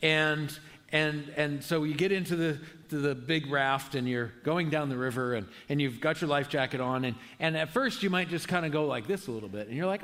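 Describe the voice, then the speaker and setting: A male pastor preaches in a relaxed, conversational way, earnest and often restarting mid-sentence. His voice sits a little higher than most men's. The sound rings with the long reverb of a large church hall. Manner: earnest, halting, with frequent restarts. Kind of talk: conversational sermon.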